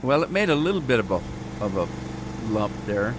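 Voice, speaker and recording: Chatty streamer man, lively pitch. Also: brisk, background noise. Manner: chatty, talks to chat viewers while playing. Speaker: gaming streamer. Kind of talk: casual live-stream commentary.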